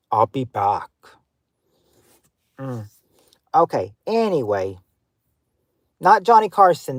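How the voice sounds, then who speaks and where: Halting man hosting a game stream. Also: a little high, no room sound. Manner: halting, hunts for words with many fillers; gives clues to players, talks to chat. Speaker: livestream game host. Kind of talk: casual livestream game hosting.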